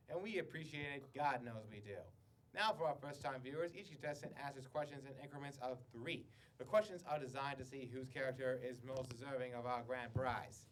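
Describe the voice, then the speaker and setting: A man's voice: medium pitch, fairly bright tone, lightly acted. A man playing a slick, sarcastic game-show host with mock politeness.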